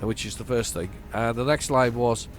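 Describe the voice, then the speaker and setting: A man's voice: medium pitch, brisk, soft background music. Rambling northern English man gaming. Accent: flat northern English. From northern England. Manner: rambling and chatty, trails off in repeated restarts. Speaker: gaming channel host. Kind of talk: casual let's-play commentary.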